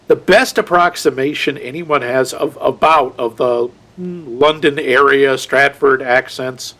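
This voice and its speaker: Man, podcast co-host, slightly high voice, casual chat, deliberate, explanatory. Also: fairly bright tone.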